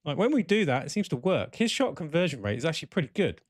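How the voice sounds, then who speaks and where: A man hosts a casual football chat show, his pitch jumping all over the place as he rants in exasperation. His voice sits a little high for a man, and the sound is dry and close with no room around it. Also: fast, no room sound. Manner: animated, swearing, exasperated rants. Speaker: podcast host.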